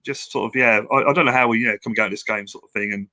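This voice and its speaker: Rambling older Englishman reminiscing, bright dry voice. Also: fairly low pitch, very fast, dry recording. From England. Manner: rambling, reminiscing with restarts and acted-out quotes. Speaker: guest. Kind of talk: casual interview storytelling.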